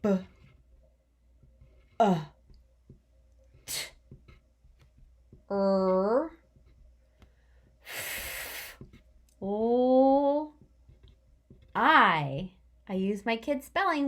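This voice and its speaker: Slow sing-song teacher woman. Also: on the high side, lively intonation. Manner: slow, sing-song, stretches out words sound by sound; cheerful, praising, speaks to children as friends. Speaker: kindergarten teacher. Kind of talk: remote lesson for young children.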